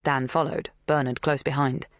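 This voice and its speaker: A woman narrating a suspense audiobook in a measured, even reading. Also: rumbling low, no room sound, studio quality. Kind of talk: scripted narration.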